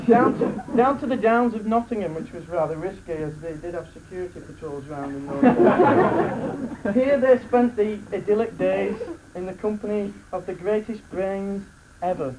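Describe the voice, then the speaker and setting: The best man, his high voice lively in intonation, jokes through his wedding speech at a moderate pace with few pauses, laughing between lines and restarting sentences. The live reception room is noisy, with a loud crowd audible.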